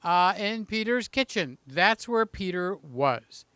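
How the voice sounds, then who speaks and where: A man's voice: high-pitched, animated, slow, pushed and bright, clear, resonant tone, dry recording. A man hosting a casual live stream from home, talking in a chatty, jokey way and reading out the chat, a little out of breath, holding a handheld mic. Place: room in his house.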